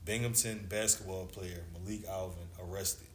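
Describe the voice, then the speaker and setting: A man in his thirties who used to play basketball tells a long, casual story full of slang, acting out the dialogue in a low-pitched, fairly even voice at a moderate pace. Echo and faint background noise come through in the room.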